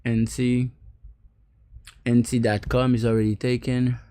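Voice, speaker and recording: A man in casual chat, talking in a halting way and often repeating himself. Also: medium pitch, little pitch movement, dark tone, clear, resonant tone, no room sound.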